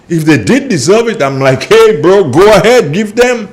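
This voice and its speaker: A man's voice: high voice, animated, normal speed. A Grenadian man hosting a political radio talk show, scolding listeners and repeating points for emphasis.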